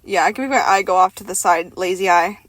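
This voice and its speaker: A woman's voice: lowish voice, steady tone, fast, fairly bright tone, no echo. A woman podcast co-host chatting casually and profanely in a parked car, rambling with restarts. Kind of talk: casual chat.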